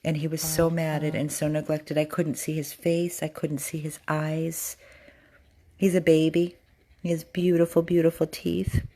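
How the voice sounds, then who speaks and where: A woman at a dog rescue talking casually to the camera about a rescued dog, switching into high baby-talk when she speaks to him. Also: little pitch movement, moderate pace, warm tone. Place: indoor rescue room.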